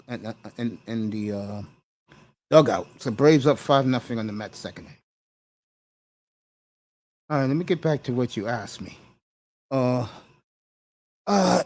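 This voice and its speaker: A man hosting a sports livestream, briskly giving live score updates and casual banter. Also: mid-range voice, a little mellow. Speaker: host.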